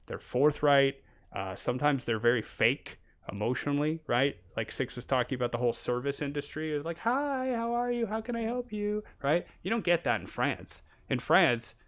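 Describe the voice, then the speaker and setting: A young Canadian man chatting casually on his stream, rambling and animated, often slipping into quoted voices. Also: mid-range voice.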